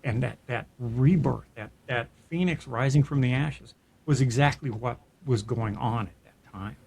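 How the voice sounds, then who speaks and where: Speaking at normal speed and medium pitch, this middle-aged podcast co-host has vocal fry and a breathy edge. His personal story unfolds casually and earnestly, reflective in tone, with many restarted sentences and soft laughter.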